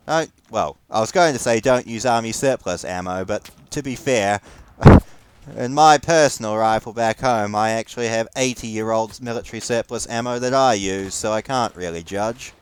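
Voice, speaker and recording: A gameplay commentator with a New Zealand accent speaks in a fairly low, clear, resonant voice. Over a war game he keeps up casual, profane banter, grumbling wryly at his teammates.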